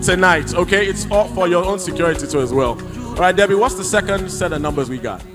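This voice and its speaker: A man's voice: high-pitched, fast talker, over music. A man hosting a live prize draw in a large hall, hyping the crowd as he calls out numbers. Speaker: event host.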